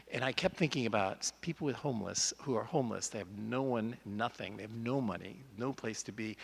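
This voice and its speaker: An older man, a doctor, speaks in an earnest and conversational way, pausing to restart his sentences. His voice sits fairly low. It rings with the long reverb of a large church. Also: a bit bright. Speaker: doctor giving a talk. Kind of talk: reflective speech to a church audience.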